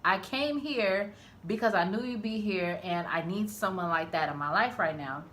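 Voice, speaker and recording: A woman's voice: mid-range voice, normal speed, a bit bright, natural voice. A woman voicing a flustered young woman who is awkward under pressure, speaking plaintively. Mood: pleading.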